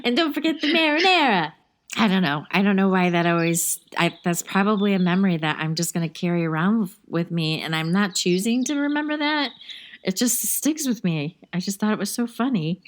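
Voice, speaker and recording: A woman's voice: lowish voice, fairly quick. A woman hosting a podcast from her daughter's apartment, chatting and telling stories. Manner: chatty, storytelling. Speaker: podcast host. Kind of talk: casual podcast chat.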